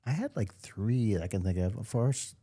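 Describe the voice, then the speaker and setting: A male guest talking casually in a halting way, restarting his sentences. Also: lowish voice, expressive, warm tone. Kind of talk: casual chat.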